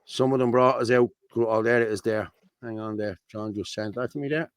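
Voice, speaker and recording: A man's voice: fairly low pitch, steady tone, fairly quick, clean tone, dry recording. A man with a Dublin accent hosting a casual livestream, talking bluntly and reading out viewer comments. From Ireland. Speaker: host.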